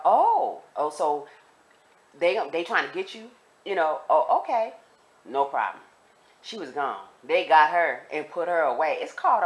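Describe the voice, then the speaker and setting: A deep-voiced woman tells her viewers a personal story, speaking to them directly. She keeps it casual and lively, going back over things for emphasis.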